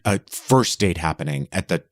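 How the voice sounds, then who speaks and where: Low-voiced man telling lively stories. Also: moderate pace. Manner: animated, theatrical storyteller. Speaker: podcast co-host. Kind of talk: casual chat.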